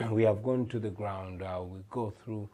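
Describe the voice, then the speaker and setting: Here the same kind of guest, a thirtysomething musician from Uganda interviewed in a TV studio, talks in a lowish, warm voice with fairly even intonation and a measured pace. He's earnest and emphatic, often saying words twice.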